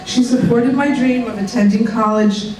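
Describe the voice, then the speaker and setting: A woman's voice: on the high side, normal speed, darkish tone. A middle-aged woman with a cold giving a heartfelt award acceptance speech, now and then laughing off her emotion. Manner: heartfelt, breaks off to laugh and recover. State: has a cold. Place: college dining room at an evening event. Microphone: podium mic from a distance. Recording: echoey room, distant mic.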